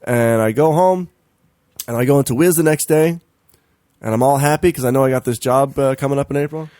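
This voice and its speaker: A man co-hosting a podcast, telling a story in casual chat, animated and profane, quoting the people in it. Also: mid-range voice, fairly quick, dry recording, studio quality. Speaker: podcast co-host.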